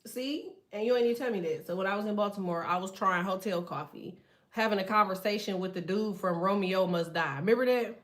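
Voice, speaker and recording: A middle-aged woman chatting casually to viewers as a card reader, telling slangy, animated stories with lots of laughter. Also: mid-range voice, fairly quick.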